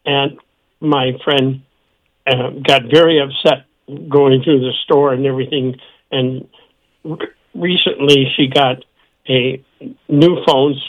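A man calling in to a radio talk show. He has the hiccups and speaks haltingly, with frequent fillers and restarts. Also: mid-range voice, fairly even intonation, rough recording. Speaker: caller. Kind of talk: call-in phone chat.

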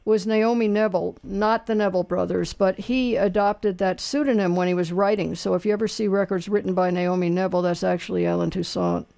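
Gravelly-voiced folksy radio host man. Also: high-pitched, flat delivery, brisk, few pauses, a little mellow. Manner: rambling, folksy, lots of fillers and restarts. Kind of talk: casual call-in chat, radio trivia quiz.

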